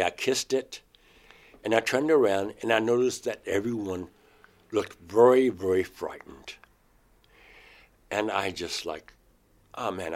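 Low-voiced man telling an emotional story. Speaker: interviewee recounting an experience. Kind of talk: personal testimony in an interview.

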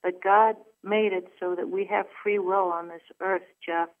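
A woman's voice: fairly low pitch, steady tone, moderate pace. A woman guest earnestly telling a personal story on a call, with many restarts and fillers. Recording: phone line.

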